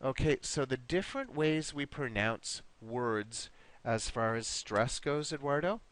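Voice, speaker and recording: A man teaching an online class, giving each student encouraging feedback by name and slowly modeling pronunciation. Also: medium pitch, lively intonation, a bit bright, no room sound.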